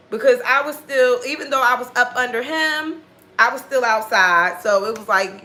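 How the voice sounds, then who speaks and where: At a normal speed, a woman with a fairly high, sharp voice shares a personal story in a casual monologue, with slight hiss or hum on the recording. She swears a lot, speaks bluntly, and acts out what others said.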